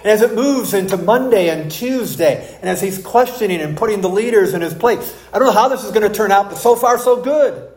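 A man with a slightly high voice preaches a sermon, reading scripture and then telling stories with emphatic, animated delivery. The sound rings out with a roomy echo, as in a church sanctuary. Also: fairly quick. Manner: storytelling, emphatic and animated in anecdotes. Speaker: pastor.

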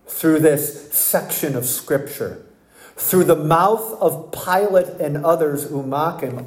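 A man's voice: medium pitch, a little mellow, reverberant, poor audio. A man preaching a sermon in a church, emphatic and full of rhetorical questions. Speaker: pastor.

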